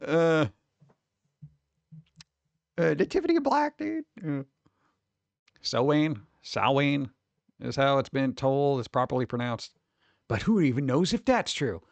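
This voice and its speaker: An American VTuber streamer chats casually on a livestream in a mid-range, sing-song, creaky voice, speaking slowly with long pauses. There is no echo, and he rambles, laughs often, and trails off.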